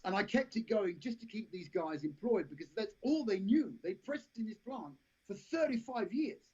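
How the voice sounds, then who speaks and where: A man's voice: high voice, expressive, moderate pace, a little mellow, slightly rough. A man, an actor and podcast guest, telling long rambling anecdotes with restarts and laughs. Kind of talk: casual storytelling interview. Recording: lo-fi live stream audio.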